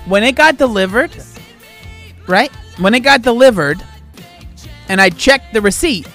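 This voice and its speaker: A man hosting a casual vlog, ranting in an exasperated, animated way and tossing in "dude" and "bro". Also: very high-pitched, a little slow, pauses often, faint music behind. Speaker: food vlogger host.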